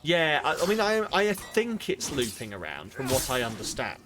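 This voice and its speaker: A man's voice: mid-range voice, huge pitch swings, moderate pace, a bit bright, slight background noise. A British man streaming a game, muttering to himself, swearing and sounding exasperated. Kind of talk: casual gaming commentary.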